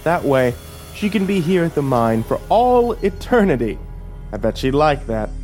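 A man's voice: a little high, sing-song, moderate pace, a little mellow, soft background music, voice pushed up. A man voicing a menacing, smug older sheriff who taunts with a sneering drawl. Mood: taunting.

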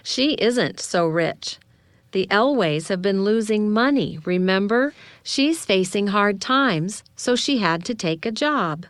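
A woman voicing an excited teenage girl spinning a theory, eager and conspiratorial, in a smooth, unhurried read. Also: medium pitch, dry recording, clean studio sound.

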